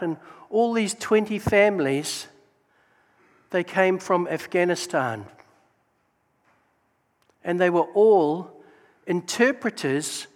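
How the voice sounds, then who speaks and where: New man, high-pitched storyteller sharing testimony in a reverberant hall. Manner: storytelling, animated, exclaims praise. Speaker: Gideons member giving testimony. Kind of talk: church testimony talk.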